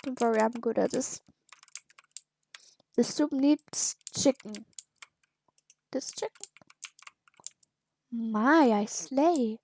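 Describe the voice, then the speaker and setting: Excitable high-voiced woman gaming. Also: gravelly. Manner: excitable and giggly, quick reactions. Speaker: gamer. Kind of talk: gameplay commentary.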